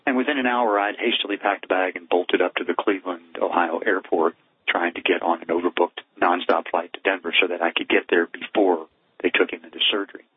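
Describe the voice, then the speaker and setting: A man's voice: low-pitched, steady tone, a little fast, breathy edge, no echo. A middle-aged man, a cardiologist guest, telling a personal story in an earnest, heartfelt way. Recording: tinny phone line, dry.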